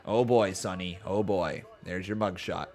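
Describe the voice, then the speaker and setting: Faint music sits behind a deep male voice speaking at a measured pace. He's a stream host doing a relaxed watch-along of old wrestling matches, reading viewers' messages aloud and suddenly shouting with hype, though he sounds a bit tired and hoarse.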